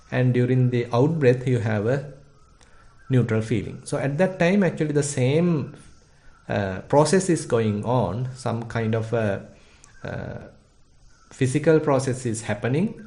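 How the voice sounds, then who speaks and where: A Buddhist monk from Sri Lanka with a Sri Lankan accent, giving meditation instruction in a measured, thoughtful way with frequent pauses and fillers. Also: male voice, medium pitch, mellow. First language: Sinhala.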